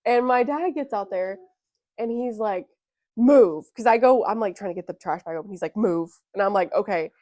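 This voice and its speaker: A woman's voice: mid-range voice, fairly quick, dry recording, studio quality. Profane young woman telling a story. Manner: profane, animated storyteller acting out quotes. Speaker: podcast co-host. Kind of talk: casual storytelling chat.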